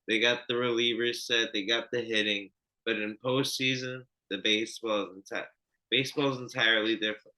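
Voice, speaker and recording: Bright-voiced man talking sports bets. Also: medium pitch, steady tone, a little fast, low-quality recording. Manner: loose, profane, repeats himself. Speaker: podcast co-host. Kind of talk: casual sports betting chat.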